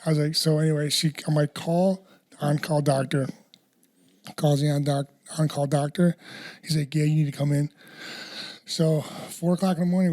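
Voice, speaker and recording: Hosting a casual podcast chat, a man tells a rambling story, restarting often and swearing casually. His voice is fairly high in pitch and mellow.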